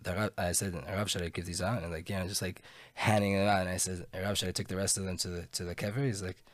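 A young man telling a story in casual chat, animated and quick, with lots of fillers. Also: low voice, no room sound. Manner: animated, talks fast with many fillers.

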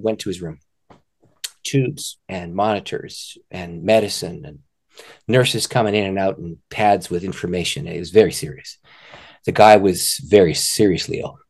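A middle-aged man, an author and ministry director, telling a personal story in an interview with lively delivery and frequent laughter. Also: lowish voice. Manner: lively, laughs often, acts out voices in stories.

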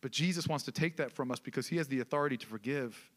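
A man's voice: medium pitch, fast, fairly bright tone. A male pastor preaching a sermon in a conversational way, with casual asides and questions to the congregation.

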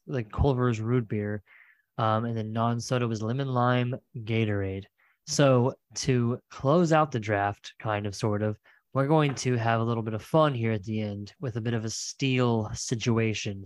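A man's voice: mid-range voice, no room sound. A man hosting a podcast in casual chat, rambling and correcting himself as he goes. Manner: rambling, self-correcting, laid-back. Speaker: podcast host.

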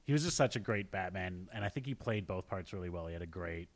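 A man's voice: low-pitched, expressive, fast. A young man co-hosting a casual chat, easygoing, often restarting his sentences and chuckling. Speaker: podcast co-host.

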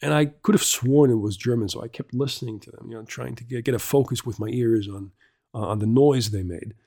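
Middle-aged guy rambling thru a story on his podcast, swears a lot, keeps restarting, mid pitch, dead dry sound. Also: fairly quick, gravelly, mellow, dry recording. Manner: rambling, profane, frequent restarts and fillers. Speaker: podcast host. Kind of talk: casual solo podcast storytelling.

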